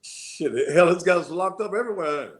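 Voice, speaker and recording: A man's voice: high voice, normal speed. Profane pastor man on a video call. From Memphis, Tennessee. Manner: profane and blunt, deadpan. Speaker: pastor, guest. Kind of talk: casual chat on a video call.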